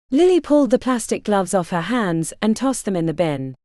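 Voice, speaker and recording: A woman reading a fantasy novel aloud with lively, rolling intonation. Her timbre is dark and mellow, and the close, dry studio sound leaves no room echo at all. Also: mid-range voice, moderate pace, hardly any pauses. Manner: expressive storytelling. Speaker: audiobook narrator. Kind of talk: scripted narration.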